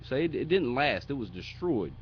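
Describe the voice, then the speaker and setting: A man's voice: mid-range voice, big pitch swings, moderate pace, lo-fi sound, a little hiss or hum. A man giving an informal bible teaching, blunt and mocking, with profane asides, reading verses aloud in a raised voice. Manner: reads scripture aloud in raised voice.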